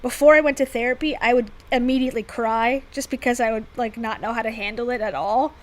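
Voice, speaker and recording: A woman's voice: on the high side, steady tone, quick pace, low-quality recording. A woman from Florida, co-hosting a livestream in casual, self-deprecating chat and laughing often. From Florida, United States. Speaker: livestream co-host.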